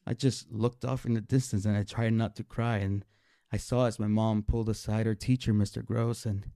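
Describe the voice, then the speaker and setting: A man telling a personal story live on stage, animated and emotional, often stammering and repeating his words. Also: fairly low pitch, normal speed, no echo, studio quality.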